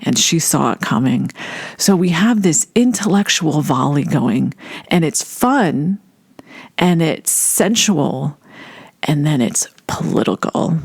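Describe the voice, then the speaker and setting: A woman telling a personal story in an animated way, laughing often as she recalls a first meeting. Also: low voice, slow pace, breathy edge, no room sound.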